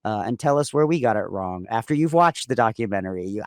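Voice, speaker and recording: A man's voice: medium pitch, animated, quick pace, hardly any pauses, no echo, clean studio sound. A man co-hosting a casual podcast, talking in long rambling sentences with frequent restarts. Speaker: podcast co-host.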